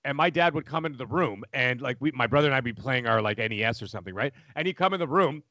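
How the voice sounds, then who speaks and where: A man, chatting casually as a podcast co-host, rambling and animated. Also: mid-range voice, fast talker, no room sound, muffled recording. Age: 40s. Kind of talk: casual chat.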